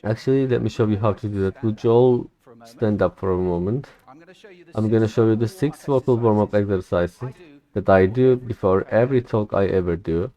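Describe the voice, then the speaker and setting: Shadowing a recorded talk, a young language learner whose first language is Turkish carefully recites it in English. He has a soft, mellow, fairly low voice, mimics the speaker's emphasis, and slips here and there, all on a rough recording.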